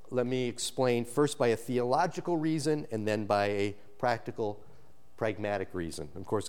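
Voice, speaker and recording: A male pastor delivers an expository sermon, moving between low, emphatic lines and raised, animated ones. He frequently restarts and repeats his words.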